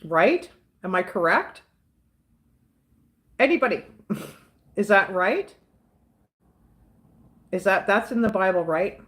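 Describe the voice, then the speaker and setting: Slow-talking Southern woman, chatty and outspoken. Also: mid-range voice, expressive, a bit bright. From Southern United States. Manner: outspoken, rambling, repeats herself. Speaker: livestream host answering chat. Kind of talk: casual live chat.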